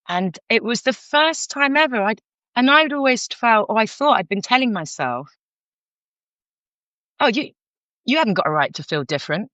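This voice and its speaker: A woman's voice: on the high side, normal speed, pauses often, no echo. Middle-aged London woman, frank storyteller with lots of restarts, dry and slightly muffled audio. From North London, England. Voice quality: frank, animated, many restarts. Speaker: guest, counsellor. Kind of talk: candid storytelling. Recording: dull lo-fi sound.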